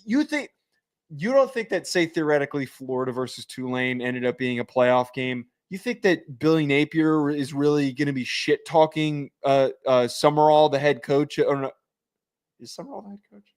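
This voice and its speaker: Animated man co-hosting a sports podcast. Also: fairly high pitch, normal speed. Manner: animated, laughing, swearing. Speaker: podcast co-host. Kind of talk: casual chat.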